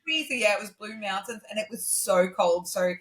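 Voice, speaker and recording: A woman's voice: moderate pace, roomy sound. An Australian woman, a singer-songwriter, telling stories in a casual podcast interview, with lots of "um" and "like" fillers. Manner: animated, acts out others' lines in a much higher voice; many "um" and "like" fillers.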